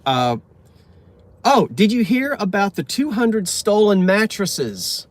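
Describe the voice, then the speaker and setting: Parked in his car, a man chats casually and reads out corny jokes, poking fun at himself and tripping over his words. His high voice has a sing-song lilt, and he takes his time. There's no echo.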